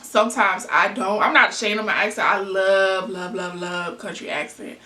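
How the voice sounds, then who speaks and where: Her Southern accent marks this vlogger as being from Arkansas/Tennessee, and she speaks at a moderate pace in a sharp, medium-pitched voice. Answering her own get-to-know-me questions casually, she leans on fillers and asides, and the distant mic picks up an echoey room.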